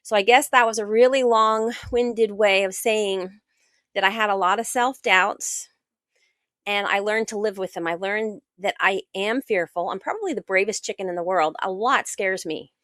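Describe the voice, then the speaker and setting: An American woman, middle-aged, a guest author and sailor telling her story in a casual interview, animated and acting out what others said. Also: mid-range voice, moderate pace, no room sound. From United States. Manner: animated, acts out quoted dialogue.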